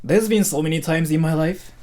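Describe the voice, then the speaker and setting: A young man from Japan with a Japanese accent, chatting on a livestream and reading out donations in a joking, animated way with lots of filler words. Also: fairly high pitch, a little fast, noisy background. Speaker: streamer.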